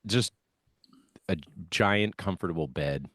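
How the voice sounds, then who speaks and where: A man's voice: deep voice, takes it slowly, a bit bright, dry recording, clean studio sound. A man, a band musician, chatting as a podcast guest and telling rambling stories in a self-conscious way. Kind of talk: casual interview chat.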